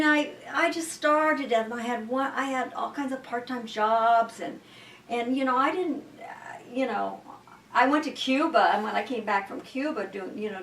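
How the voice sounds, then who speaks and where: Older woman from Iowa, roomy distant sound. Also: on the high side. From Sioux City, Iowa, US. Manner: halting, restarts sentences, lively storytelling. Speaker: guest, actress. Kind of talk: rambling interview chat.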